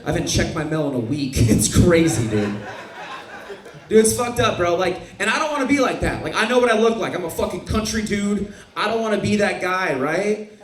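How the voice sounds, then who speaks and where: A man's voice: sits high, sing-song, normal speed. A young man doing a profane, rambling stand-up set on a comedy club stage. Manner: brash, profane, rambling storytelling. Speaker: stand-up comic. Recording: echoey club room.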